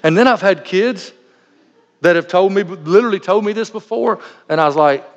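This man preaches at normal speed in a high-pitched voice, speaking as a pastor. Earnest yet conversational, he folds personal anecdotes into the sermon, heard through a dull lo-fi recording with hall reverb.

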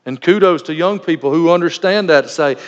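A man's voice: fairly high pitch, a little fast. A man preaching a sermon as a pastor, earnest and conversational, weaving in personal anecdotes. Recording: dull lo-fi recording in a reverberant hall.

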